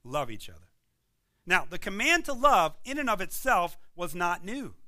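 A man preaching a sermon as pastor, building emphatic points and dropping to quiet moments. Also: sits high, very animated, moderate pace. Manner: emphatic preaching with rising and falling intensity.

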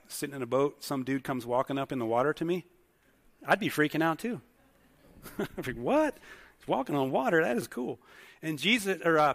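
Long reverb fills the church hall as a male pastor with a fairly high, slightly bright voice delivers a conversational sermon. He keeps putting questions to the congregation.

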